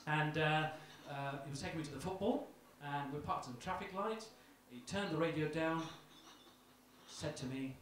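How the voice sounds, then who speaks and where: A man's voice: fairly high pitch, fairly bright tone, a little hiss or hum. A young man doing a self-deprecating, hesitant stand-up routine in a small comedy club, full of ums. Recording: echoey club, distant mic, crowd.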